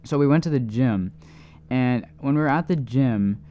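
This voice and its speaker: A man's voice: mid-range voice, lively intonation, moderate pace, dark tone, dull audio. A young man, a podcast co-host, telling a long story in casual chat, full of "like" and the odd swear. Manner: rambling, many "like"s, swears casually.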